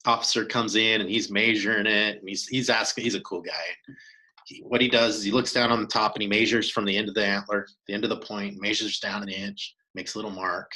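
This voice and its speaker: A man, co-hosting a podcast, telling a hunting story in an animated way with many restarts. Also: lowish voice, fairly quick, rough recording. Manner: animated, acts out quoted dialogue, many restarts. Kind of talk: casual storytelling chat.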